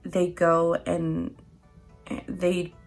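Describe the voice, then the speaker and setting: A woman's voice: on the low side, monotone, extremely slow, faint music behind. A woman giving a casual pick-a-card tarot reading, chatty and playful, laughing often and swearing freely.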